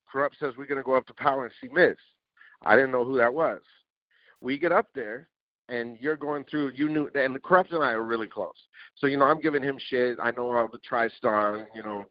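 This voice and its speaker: A man telling stories as a podcast guest in a casual, animated way, swearing and acting out what people said. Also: mid-range voice, dry recording. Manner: animated, swears, acts out quotes. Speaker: interview guest, music producer. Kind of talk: casual storytelling. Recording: dull lo-fi dry sound.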